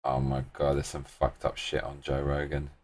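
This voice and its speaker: A man's voice: very deep voice, completely flat delivery, normal speed. A British man hosting a live stream, rambling casually with plenty of swearing and slang.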